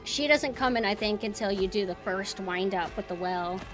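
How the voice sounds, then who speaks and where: A young woman with a fairly bright, medium-pitched voice streams a horror game at a moderate pace, commenting as she plays. She curses and yelps in frustrated outbursts while game music plays underneath.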